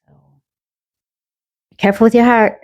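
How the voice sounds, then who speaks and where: A middle-aged woman telling a personal story in a casual, animated way and acting out the quoted dialogue. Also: a little high, normal speed.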